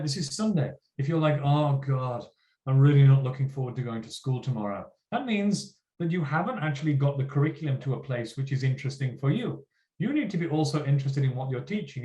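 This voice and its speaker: Guy giving a keynote to teachers, super lively up and down voice, acts out the kids, echoey room. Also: fairly high pitch. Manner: lively, emphatic, acts out quoted teachers and children. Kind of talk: motivational keynote talk.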